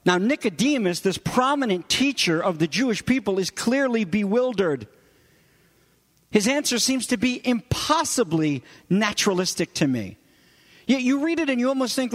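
A man's voice: sits high, sing-song, long reverb tail. A man pastor delivering an earnest, emphatic sermon. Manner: emphatic, earnest teaching with pauses.

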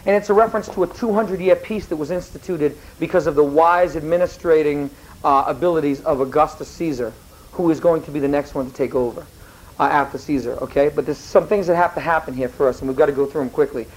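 Speaking fast at a medium pitch, a teacher wanders through a classroom history lecture, digressing, fixing their own sentences midway, and quizzing the students. The recording quality is rough.

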